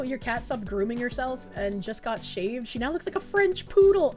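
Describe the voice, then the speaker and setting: A woman's voice: high voice, lively intonation, normal speed, darkish tone, soft background music. A young adult woman streaming, chatting loosely through casual reaction commentary, swearing freely and reading chat messages aloud.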